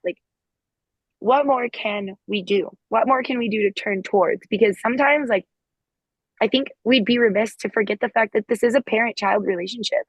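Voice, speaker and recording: Husky young woman, filler-heavy talk. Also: mid-range voice, fairly quick, dry recording, rough recording. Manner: rambling, many "like" fillers. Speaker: panelist, former therapist. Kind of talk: casual discussion.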